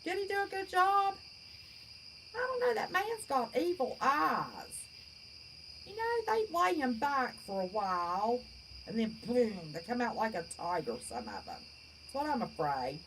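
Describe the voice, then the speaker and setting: Blunt, lively woman host. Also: on the high side, unhurried, a little hiss or hum, low-quality recording. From West Virginia. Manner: blunt, folksy, outspoken ranting. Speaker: channel host. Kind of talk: livestream chat reading viewer comments.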